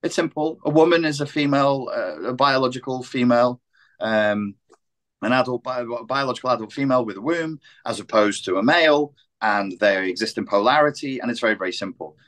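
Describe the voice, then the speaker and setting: A man hosting a podcast talks in an exasperated rant, swearing freely. His pitch leaps up sharply and drops again as he hammers his points home. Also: a little fast, fairly bright tone. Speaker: podcast host. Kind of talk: heated podcast discussion.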